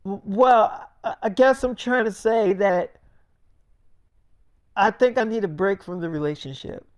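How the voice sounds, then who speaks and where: Guy putting on a quiet flirty actress voice, soft and coaxing. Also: high-pitched, unhurried, smooth, dry recording, studio quality. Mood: hesitant.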